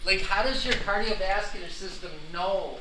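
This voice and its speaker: A man's voice: sits high, normal speed. A man teaching an anatomy and physiology class, lecturing in a playful, teasing way with rambling jokes. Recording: classroom recording with background noise.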